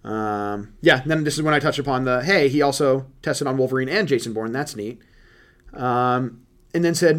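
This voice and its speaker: A man hosting a casual movie-review chat, animated and profane, often laughing as he talks. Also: medium pitch, moderate pace. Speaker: podcast host.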